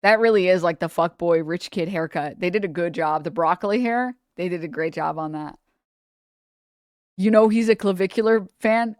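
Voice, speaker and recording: A woman's voice: fairly low pitch, moderate pace, no room sound, clean studio sound. A young adult woman hosting a live stream, chatting casually in slangy, profane, irreverent banter. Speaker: streamer host.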